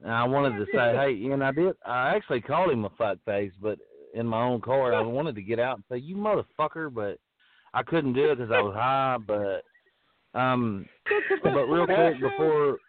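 A man of middle pitch co-hosting a podcast, talking in a halting way full of restarts. He swears freely. His voice comes through a narrow, tinny phone-like line. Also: lively intonation. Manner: halting, many fillers and restarts. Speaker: podcast co-host. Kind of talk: casual profane chat.

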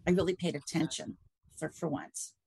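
Casting note: middle-aged woman, husky and low, chatty guest recounting her story, close and dry. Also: normal speed, no echo, poor audio. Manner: chatty, animated when quoting others. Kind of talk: casual interview storytelling.

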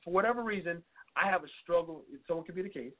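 A man with a high voice co-hosting a relaxed self-help chat. He thinks out loud and lays out advice one step at a time. The audio is narrow and tinny, as if heard over a phone. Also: quick pace. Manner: thinks aloud with fillers, gives step-by-step advice.

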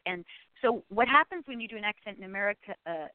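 A woman's voice: medium pitch, lively intonation, fast, no echo. A chatty actress talks over a phone line that sounds thin and tinny, her voice dry with no room sound. She rambles with plenty of fillers and restarts. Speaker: actress, guest. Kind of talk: call-in interview chat.

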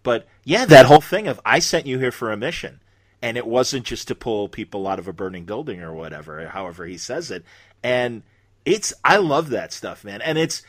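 A man's voice: medium pitch, big pitch swings, moderate pace, dry recording. A man hosting a casual podcast chat, talking with eager, chatty enthusiasm. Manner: chatty, enthusiastic fan talk. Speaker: podcast host.

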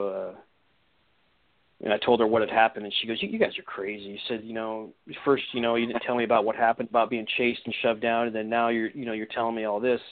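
Man, eyewitness guest, rambling storyteller, quick talker, phone-line sound. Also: mid-range voice. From Washington state. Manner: rambling, many restarts and you-knows. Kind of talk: casual storytelling interview.

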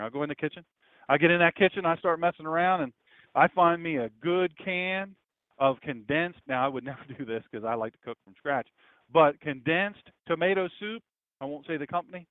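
A male preacher tells stories with animation, often repeating himself for emphasis. His voice sits somewhat high. The sound is dry and narrow, like a phone line. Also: a little fast, dry recording. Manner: animated storytelling, repeats phrases. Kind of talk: sermon-style talk.

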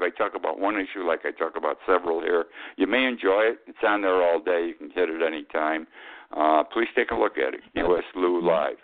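A man hosting a weekly political talk show, giving rambling, indignant opinions with fillers and emphatic outbursts. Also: deep voice. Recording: tinny phone-like sound.

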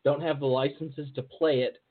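A man hosting a podcast in casual interview chat, relaxed and joking. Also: on the high side, normal speed. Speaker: podcast host. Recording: phone-like narrow sound.

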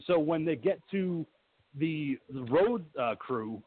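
A man co-hosting a podcast, retelling movie scenes with animated energy and popping into the characters' lines. His voice is a touch high and comes through a narrow, phone-like band with faint hiss underneath. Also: slow pace. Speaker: podcast co-host. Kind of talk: casual movie recap.

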